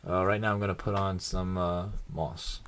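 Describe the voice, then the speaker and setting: A man's voice: sits low, little pitch movement, normal speed, heavy background noise. A tired man talking casually through his hobby crafting work, rambling and self-deprecating. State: tired, yawning. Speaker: hobby video maker.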